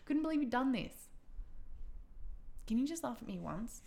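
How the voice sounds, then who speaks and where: A woman's voice: a little high, normal speed, creaky. Giggly woman co-hosting a chatty podcast. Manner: giggly, animated storytelling. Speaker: podcast co-host. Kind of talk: casual chat.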